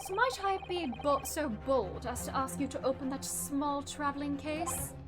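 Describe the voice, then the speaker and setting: A woman's voice: high voice, normal speed, over music, lightly acted. A woman voicing a boastful male great detective with a put-on British accent, grandiose and theatrical.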